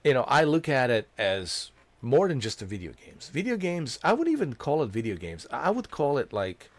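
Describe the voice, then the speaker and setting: A man's voice: medium pitch, huge pitch swings, normal speed, hardly any pauses, no room sound. A man explaining a video game's story in casual, emotional commentary, repeating himself and calling the listener dude. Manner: emotional, repetitive, slangy with "dude". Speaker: gaming video creator.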